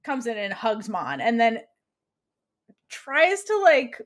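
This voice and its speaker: A woman co-hosting a casual recap podcast, animated and acting out characters' lines with frequent laughter. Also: a little high, slow. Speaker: podcast co-host.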